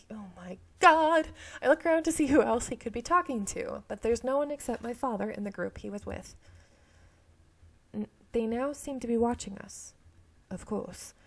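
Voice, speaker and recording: Medium in pitch and gravelly, this woman's voice belongs to a game streamer reading narration from a romance visual novel. Stumbles and self-corrections come often, along with laughter at herself and chatty side comments.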